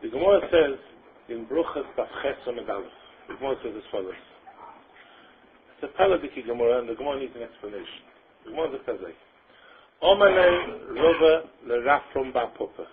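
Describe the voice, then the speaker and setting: A man's voice: medium pitch, expressive, quick pace, pauses often, slight background noise. A man giving a Talmud lecture, chanting the quoted texts in a sing-song tune. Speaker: Torah lecturer. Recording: tinny phone-line recording.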